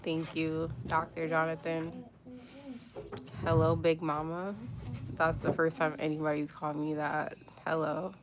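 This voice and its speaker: Slow-talking woman livestreaming from home. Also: sits low, completely flat delivery. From United States. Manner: chatty, greets viewers one by one, laughs often. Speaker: livestream host. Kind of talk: casual livestream chat reading comments.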